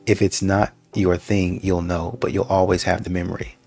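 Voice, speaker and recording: A man with a low, gravelly voice picks apart a clip in a dating commentary. He talks in mocking rhetorical questions, and soft music plays faintly underneath. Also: level tone, moderate pace, few pauses. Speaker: reaction commentator.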